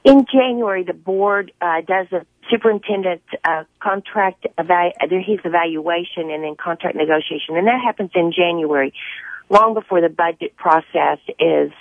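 Hoarse woman, district spokesperson, measured phone interview, thin dry line. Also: lowish voice, dry recording, phone-quality sound. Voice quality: scratchy. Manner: measured, careful, with many fillers. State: hoarse from a cold. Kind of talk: phone interview on morning radio. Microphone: telephone.

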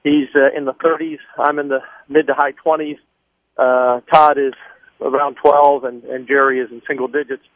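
A man's voice: mid-range voice, level tone, no room sound. Breathless man in his sixties on a tinny phone line. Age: 60s. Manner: brisk, number-heavy, insistent. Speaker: political candidate, phone-in guest. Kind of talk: campaign talk on a radio call-in. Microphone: mobile phone while walking.

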